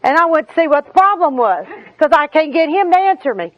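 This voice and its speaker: A middle-aged woman with a high-sitting voice, very animated and a little fast, laughs her way through folksy, humorous personal stories at a recovery meeting. No echo, but the lo-fi recording is dull and the audience is audible.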